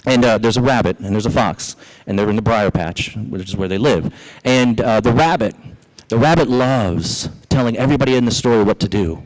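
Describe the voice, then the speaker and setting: Southern pastor preaching with animated storytelling. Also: male voice, on the low side, fairly quick, hardly any pauses, low-quality recording. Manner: animated storytelling, addresses the congregation directly. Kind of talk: sermon.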